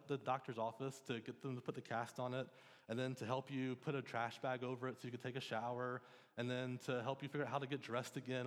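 A man in his thirties, a pastor giving a conversational, earnest sermon in church. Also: mid-range voice. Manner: conversational, earnest, with frequent restarts and ums. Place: church sanctuary. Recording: long reverb of a church hall.

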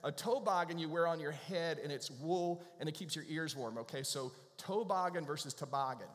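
Chatty middle-aged pastor in echoing church. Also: male voice, on the high side, fairly quick, a bit bright. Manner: chatty, joking, playful. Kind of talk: casual conversational sermon. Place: church sanctuary. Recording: reverberant church hall.

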